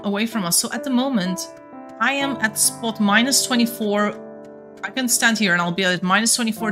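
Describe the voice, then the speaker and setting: Young woman, light Flemish accent, medium pitch, chatty live-streamer talking through her game, soft music underneath. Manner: chatty, thinks aloud, restarts sentences. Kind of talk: casual live-stream chat while playing.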